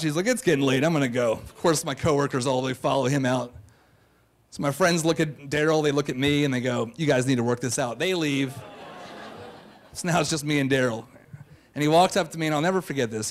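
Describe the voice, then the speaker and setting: Brash high-voiced man telling a story onstage. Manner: brash, comic, self-mocking delivery. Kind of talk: live stage storytelling. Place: theater stage before a live audience.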